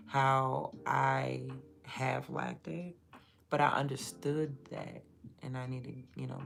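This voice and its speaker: A woman's voice: extremely low pitch, gravelly, slight background noise. A young woman chatting casually on her livestream, blunt and profane, rambling. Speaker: livestream host.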